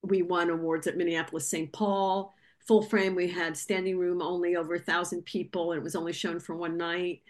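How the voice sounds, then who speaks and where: A woman's voice: on the low side, fairly quick. Chatty woman telling a story. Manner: animated and talkative, acting out phone calls in other voices. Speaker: documentary filmmaker, guest. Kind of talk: lively storytelling in a video-call interview. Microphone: video call.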